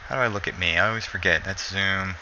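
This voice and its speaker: Sleepy male gameplay commentator, low and gravelly, meandering and self-correcting. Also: quick pace, highs cut off, a little hiss or hum. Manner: rambling, self-correcting, relaxed. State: sleepy, yawning.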